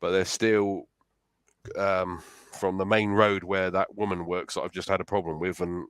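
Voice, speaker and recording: Deep-voiced man rambling hesitantly. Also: flat delivery, normal speed, fairly bright tone, clear, resonant tone, no room sound. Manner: rambling, hesitant with many fillers. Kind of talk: casual live-stream chat.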